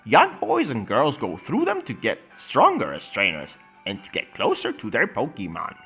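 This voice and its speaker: A man putting on a lowered professor voice to read a kindly male game professor's lines. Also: huge pitch swings, moderate pace, fairly bright tone, husky, faint music behind, full character voice. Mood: earnest. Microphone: phone.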